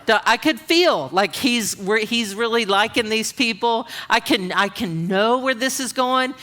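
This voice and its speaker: Bright, lively woman preaching. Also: a little high, a little slow. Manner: animated, humorous, questions the audience. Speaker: women's conference speaker. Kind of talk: conversational sermon. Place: church auditorium.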